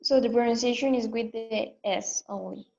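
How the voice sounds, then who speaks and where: A female student asking the teacher questions in halting English over a call. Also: a little high, fairly even intonation, vocal fry, a little mellow. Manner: hesitant, halting learner's English. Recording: dull lo-fi call audio.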